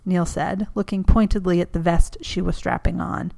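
A woman narrating a story as an audiobook, reading in a steady, even way. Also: lowish voice, moderate pace, creaky, hardly any pauses.

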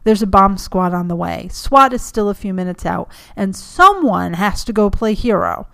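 A woman's voice: medium pitch, lively intonation, normal speed, vocal fry, pushed and bright, no room sound, clean studio sound. A woman voicing a male con man working as an FBI consultant, who sounds anxious and pleading.

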